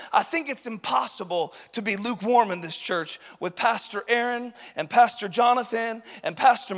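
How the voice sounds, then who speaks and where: A male pastor preaching a sermon with passion, shouting and letting his voice rise into a sing-song. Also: very high voice, long reverb tail.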